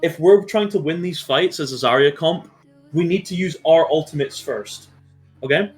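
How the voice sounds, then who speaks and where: A man's voice: fairly high pitch, normal speed, faint music behind. A man coaching his esports team through a match review, direct and blunt, swearing freely and checking in with his players often. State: has the hiccups.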